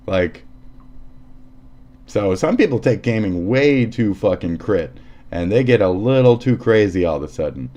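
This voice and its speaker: A man's voice: lowish voice, animated, measured pace, dark tone. A man ranting casually on a live stream, profane and heated, often laughing and acting out quotes.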